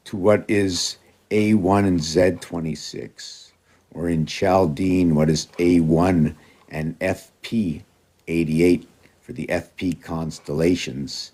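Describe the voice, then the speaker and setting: A man with a low, mellow voice rambles casually in a monologue, jumping between loose ideas. He talks to his cats in a raised, coaxing voice.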